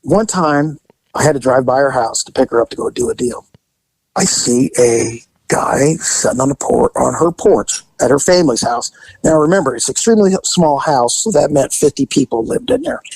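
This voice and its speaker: A man hosting a podcast, telling a police story in a relaxed, conversational way and acting out the people in it. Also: medium pitch, moderate pace, gravelly, husky, no room sound, poor audio. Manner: animated storyteller who acts out the people in his story. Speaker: podcast host and former police officer. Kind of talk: casual storytelling.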